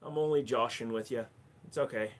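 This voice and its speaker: A man's voice: mid-range voice, fairly quick. A man hosting a casual livestream, reading chat messages aloud and answering with crude jokes. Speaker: livestream host.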